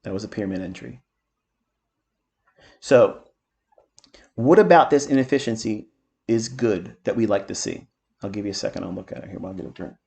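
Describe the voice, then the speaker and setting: A man's voice: fairly low pitch, fairly quick, creaky, long pauses, a little mellow. A middle-aged man giving a trading lesson, blunt and profane, with boastful, heated asides. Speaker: trading mentor. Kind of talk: market commentary lesson.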